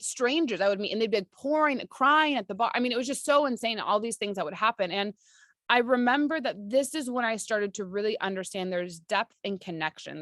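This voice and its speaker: A woman's voice: mid-range voice, a bit bright, no room sound, clean studio sound. A woman who is a spiritual coach, telling personal stories in a chatty, rambling, sincere way. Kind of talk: casual personal storytelling to an audience.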